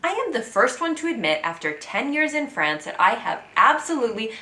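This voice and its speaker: Bright-voiced American woman vlogger. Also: on the high side, a little fast, roomy sound. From United States. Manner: chatty, candid, animated. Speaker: vlogger living in France. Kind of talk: casual chat to camera.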